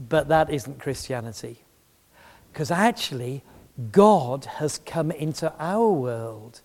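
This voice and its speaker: A man's voice: fairly high pitch, lively intonation, slow, darkish tone. A middle-aged man preaching a sermon, telling a story with emphasis and humor. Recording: long reverb in a large hall.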